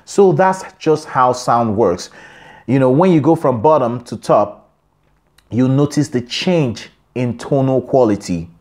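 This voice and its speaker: A man's voice: mid-range voice, lively intonation, measured pace, darkish tone. A man teaching a singing lesson, explaining in short phrases and singing examples. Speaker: singing coach. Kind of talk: vocal lesson with sung examples.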